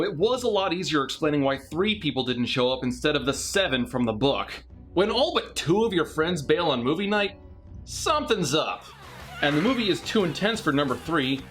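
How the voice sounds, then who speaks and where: A man's voice: a little high, fairly bright tone. A man narrating a scripted comedic movie review with sarcastic, mocking asides.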